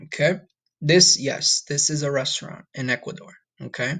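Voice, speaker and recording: A man's voice: fairly high pitch, a bit bright. A man teaching a recorded online Spanish lesson in a casual way, often checking in with "okay?" and "all right?". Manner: slow, drawn-out modeling of Spanish words.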